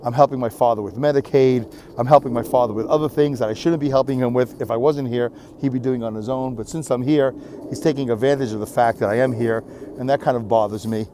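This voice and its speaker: A man's voice: mid-range voice, fairly even intonation, fast talker, mellow. A tired middle-aged man rambling candidly in a casual vlog, filmed at arm's length on a windy beach. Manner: rambling, candid, self-deprecating. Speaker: vlogger.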